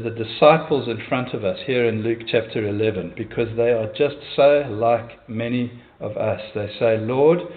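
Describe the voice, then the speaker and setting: A man's voice: medium pitch, phone-quality sound. A man preaching a sermon in a church as pastor, in an earnest, conversational manner with hesitations.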